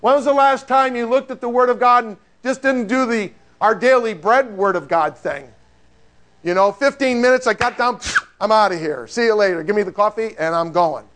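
A middle-aged male pastor preaching a sermon in an animated, conversational way, full of rhetorical questions. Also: high voice, normal speed.

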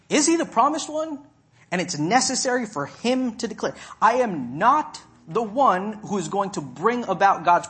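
A male preacher delivering a verse-by-verse sermon, his voice swinging widely in pitch as he presses each point. He sits a little higher than most men and slows right down on the words he wants to land. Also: fairly bright tone. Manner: emphatic, deliberate, stretches key words for stress. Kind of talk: expository sermon.

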